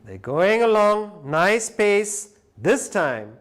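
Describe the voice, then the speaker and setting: A man giving a live lecture who tells a story with animated delivery. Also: sits high, extremely slow. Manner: animated storyteller, acts out quoted voices. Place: lecture hall.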